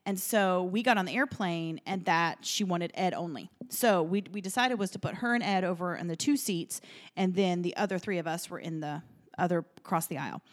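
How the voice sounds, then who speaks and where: A woman co-hosting a podcast, telling a personal story in casual chat at a kitchen table, animated and emotional, with plenty of fillers. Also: fairly low pitch, fairly quick. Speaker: podcast co-host.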